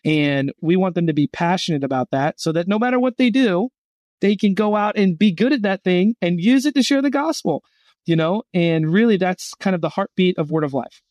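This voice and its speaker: A middle-aged man, a podcast guest representing a Christian gap year college, speaks briskly in a voice slightly high for a man. He tells stories with energy, acting out the voices of the people in them, and the sound is dry and close with no room sound.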